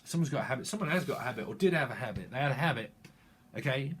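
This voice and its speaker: A man's voice: medium pitch, lively intonation, racing, fairly bright tone, slight background noise. A man giving a tarot reading, free-associating through wordplay and chuckling as he goes. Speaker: tarot reader.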